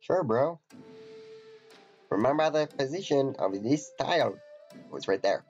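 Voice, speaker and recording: A man's voice: medium pitch, expressive, measured pace, darkish tone. A man giving offhand, jokey commentary while playing a game and reading its dialogue aloud. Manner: jokey, offhand, mutters asides. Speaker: gameplay commentator. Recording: dull lo-fi with faint game music.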